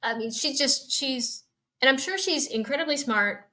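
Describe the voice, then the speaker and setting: Lady doctor guesting on a podcast, bubbly and chatty, kinda high voice. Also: lively intonation, normal speed. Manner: warm, enthusiastic complimenting, laughs often. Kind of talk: casual interview chat.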